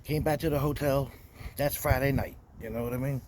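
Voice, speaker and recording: A man's voice: mid-range voice, steady tone, a little fast, noisy background. A young man telling a weekend story as host, casual and profane, heated as he talks. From Florida. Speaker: podcast host.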